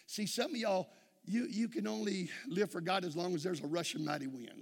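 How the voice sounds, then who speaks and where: A man preaching a sermon in a church, building to shouted climaxes and calling people to the altar. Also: high-pitched, brisk, vocal fry. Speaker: pastor. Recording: music behind the voice. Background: music playing.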